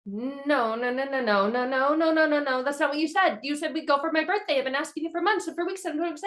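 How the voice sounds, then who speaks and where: Woman putting on a high, eager little kid, begging and pleading over and over. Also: a bit bright. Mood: upset protesting. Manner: pleading, repeating questions rapidly.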